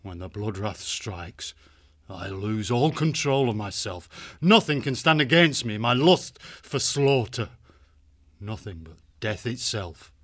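A man playing a grave, protective young male badger warrior who speaks in an earnest, steady way, in a full-cast audiobook. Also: fairly low pitch, takes it slowly, exaggerated voice. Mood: solemn.

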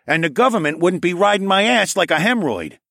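A man's voice: high voice, very animated, fast, creaky, a bit bright, no echo, clean studio sound, voice pushed up, heavily acted. A man voicing a suspicious, foul-mouthed middle-aged man in a trench coat who grumbles. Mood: grumbling. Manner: grumbling, profane, paranoid.

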